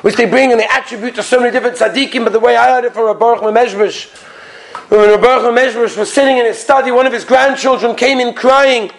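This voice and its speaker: Talking fast in a very high, gravelly voice, a rabbi delivers his weekly Torah talk as an animated storytelling sermon. He poses rhetorical questions to listeners and sinks into quiet whispers to make a point.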